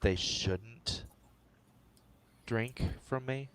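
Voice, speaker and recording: A man playing in a tabletop role-playing game, asking halting, unsure questions. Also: mid-range voice, a bit bright, slight background noise. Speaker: player.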